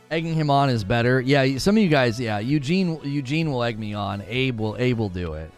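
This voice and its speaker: A man's voice: medium pitch, expressive, normal speed, soft background music. A man streaming, chatting casually with viewers in a rambling, laughing manner. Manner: rambling, self-interrupting, laughs often.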